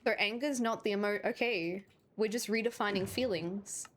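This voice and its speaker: A woman's voice: medium pitch, normal speed, slight background noise. A woman streaming a game, chatting casually with sarcastic, rambling asides. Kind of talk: casual gaming stream chat.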